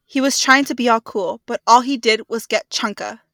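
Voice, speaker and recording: A woman's voice: a little high, normal speed, sharp tone, no room sound. A young woman from Texas co-hosting a podcast, quizzing her partner in playful casual chat and laughing often. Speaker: podcast co-host.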